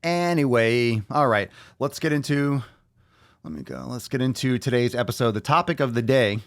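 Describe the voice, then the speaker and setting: A man's voice: mid-range voice, moderate pace, vocal fry, dry recording, clean studio sound. A man hosting a solo podcast, talking loosely and profanely, joking as he rambles. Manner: loose, profane, joking, puts on silly voices. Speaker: podcast host. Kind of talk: casual solo podcast rant.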